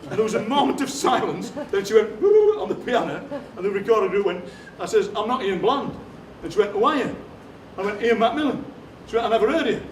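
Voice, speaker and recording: Man, comic storyteller on stage, high voice, roomy hall, heard from far off. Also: brisk, hardly any pauses, slight background noise. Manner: deadpan anecdotes, acting out other people's lines. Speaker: poet performing on stage. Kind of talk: comic storytelling to a live audience. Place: theatre stage. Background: audience laughter.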